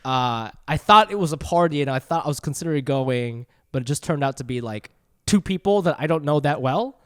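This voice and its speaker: A young man chatting on a podcast in a lively, rambling way, his pitch leaping up and down as he tells stories. His voice sits a little high, and he laughs easily between his thoughts. The sound is dry and close, with no room around him. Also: brisk, no echo. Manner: animated, laughs often, rambling storytelling. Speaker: podcast co-host. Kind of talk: casual podcast chat.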